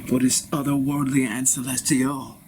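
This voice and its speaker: A man's voice: medium pitch, flat delivery, normal speed, a little mellow, a little hiss or hum, close to an everyday voice, rough recording. A man playing a grandiose self-proclaimed ascended spiritual master in a solo improv, talking in a lofty, pompous way that drifts into whispers, recorded inside a vehicle. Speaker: improv performer.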